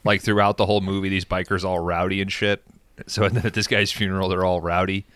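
A man with a very deep voice banters on a casual podcast, full of crude, sarcastic jokes. The sound is dry and close. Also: flat delivery, quick pace, a bit bright, no room sound. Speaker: podcast co-host.

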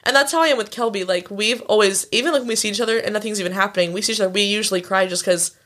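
A woman's voice: medium pitch, very fast, a bit bright. A young woman co-hosting a casual chat, telling stories animatedly with lots of fillers and swearing. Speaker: podcast co-host.

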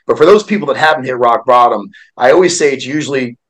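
A man's voice: mid-range voice, fast, rough recording. A man in his forties, a podcast guest, telling an emotional personal story with an earnest, heartfelt delivery. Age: 40s.

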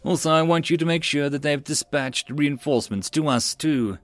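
A man's voice: on the high side, normal speed, no echo, voice pushed up, lightly acted. A man voicing a cold, scheming male army lord giving orders. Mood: commanding. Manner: commanding, clipped.

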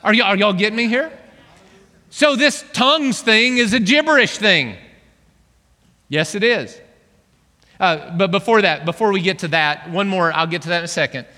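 A pastor delivers a sermon to his congregation, animated and joking as he coaxes them along at a moderate pace with frequent pauses. His high voice is bright and forceful, ringing out with the long reverb of a large church hall.

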